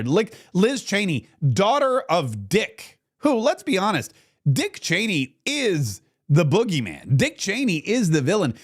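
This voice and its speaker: A man hosts a talk show in an animated, mocking tone. His pitch sits a little high for a man and swings widely as he riffs. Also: a little slow. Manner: animated, mocking, fumbles with clips on air. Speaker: radio talk show host.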